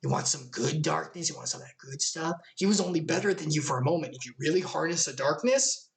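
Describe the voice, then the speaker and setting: Lady doing a sly cloaked tempter, low coaxing voice, kinda hushed. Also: expressive, fast talker, gravelly.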